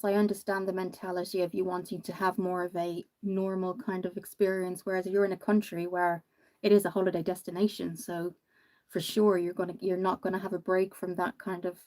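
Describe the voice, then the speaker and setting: Running on a single hour of sleep, this woman from Ireland talks casually with her makeup livestream audience, reading out what they write. Her voice sits on the low side, and her accent is a general Irish one with traces of American. Warm and talkative, she tends to fade out quietly partway through a thought.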